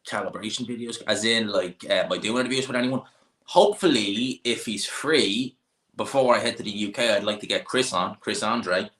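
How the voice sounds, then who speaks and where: A man's voice: on the low side, pushed and bright. A young Irish man hosting a boxing channel, chatting casually and opinionated, thinking aloud with lots of fillers. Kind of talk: casual live chat answering viewers. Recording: roomy echoey room.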